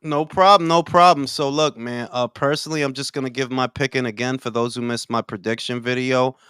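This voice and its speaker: A man's voice: medium pitch, steady tone, fairly quick, pushed and bright, clear, resonant tone, no room sound, studio quality. A man hosting a casual live boxing talk stream, joking and slangy, saying "bro" a lot. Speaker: host.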